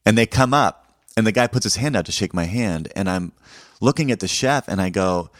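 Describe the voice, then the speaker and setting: A comedian with a very low voice tells a personal story in a deadpan, self-mocking way. His delivery is conversational, and the sound is dry and close with no room echo. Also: a little fast.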